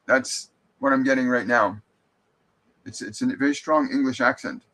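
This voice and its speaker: A man's voice: medium pitch, normal speed, fairly bright tone, low-quality recording. A man hosting a live stream as a spiritual medium. He reads viewer comments aloud and answers them in an earnest, reassuring way, often restarting his sentences.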